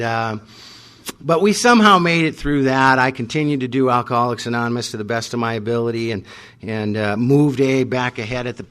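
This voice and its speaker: A man in his thirties speaking at a recovery meeting, his voice bright and forward. He tells his story with self-mocking humor and steady comic timing, and acts out both sides of old quarrels. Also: medium pitch. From North Dakota. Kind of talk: storytelling talk to a live audience.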